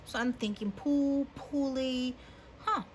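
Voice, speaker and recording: Woman in her forties, bilingual, casual rambling hobby-art chat, somewhat high voice, hum behind. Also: takes it slowly, low-quality recording. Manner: rambling, hesitant, many fillers. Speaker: hobby artist. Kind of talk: casual show-and-tell.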